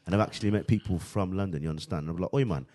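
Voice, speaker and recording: A man's voice: low-pitched, racing, mellow, a little hiss or hum. A young man hosting a casual podcast, rambling and swearing, always adding "you know what I mean". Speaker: podcast host.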